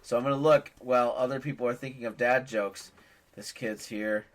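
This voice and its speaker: A man's voice: medium pitch, steady tone, moderate pace. A man in his forties hosting a casual family podcast, a rambling joke-telling dad who pokes fun at himself. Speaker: podcast host and father.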